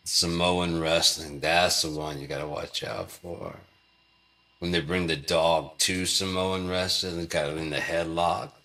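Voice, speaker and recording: A man's voice: deep voice, pushed and bright. A man vlogging in a rambling, profane, joking monologue.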